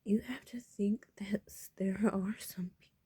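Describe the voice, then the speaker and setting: A woman vlogger musing softly in half-whispers about personal matters. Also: mid-range voice, fairly even intonation, a little slow, slightly rough, no echo. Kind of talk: reflective personal talk.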